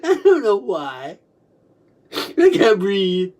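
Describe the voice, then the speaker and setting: Husky woman, halting and tearful. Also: medium pitch, very animated, a little mellow. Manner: halting and repetitive, broken by coughs; swings between laughing and crying. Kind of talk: reliving a memory aloud.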